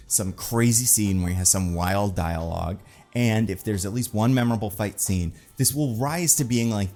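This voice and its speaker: A man's voice: low voice, dark tone. A man hosting casual, rambling movie commentary in a sarcastic, joking tone with lots of fillers. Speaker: film commentary host.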